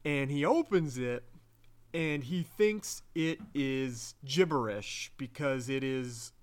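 A man's voice: mid-range voice, takes it slowly, smooth. Chatty man recapping an episode. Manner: chatty, laughing, acts out quotes in bigger voices. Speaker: podcast host.

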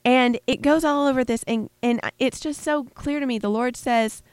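Animated woman co-hosting a Bible chat. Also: high voice, moderate pace, clean tone, no room sound. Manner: animated and emphatic, teasing. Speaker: podcast co-host. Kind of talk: casual Bible discussion.

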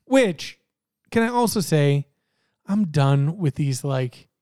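A man's voice: on the high side, lively intonation, slow pace, darkish tone, dry recording, studio quality. A man co-hosting a casual podcast about a TV show, thinking aloud with lots of fillers and restarts. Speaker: podcast co-host. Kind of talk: casual TV discussion.

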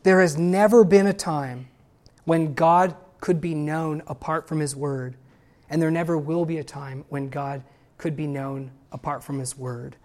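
A woman preaching a sermon, reading scripture and hymn lines aloud and building to loud, emphatic exclamations. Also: sits low, fairly even intonation, measured pace.

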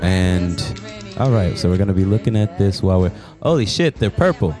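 A man hosting a podcast in casual chat, laughing often and jumping up in pitch when excited. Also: fairly quick, faint music behind. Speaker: podcast host.

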